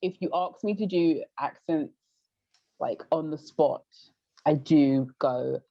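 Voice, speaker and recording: A woman's voice: low-pitched, slow, gravelly. A woman co-hosting a podcast, chatting in an easygoing, laughing way. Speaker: podcast co-host. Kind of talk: casual chat. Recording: dull lo-fi sound.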